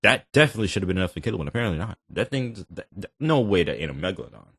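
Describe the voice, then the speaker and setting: A man hosting a reaction video, talking in animated, joking, slangy banter. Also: deep voice, racing, heavy background noise. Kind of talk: casual reaction commentary.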